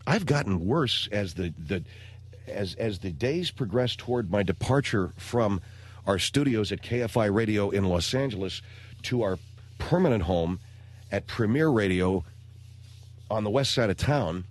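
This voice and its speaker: A man's voice: on the low side, animated, measured pace. A man hosting a radio talk show, delivering a rambling, exasperated comedic monologue on a studio mic.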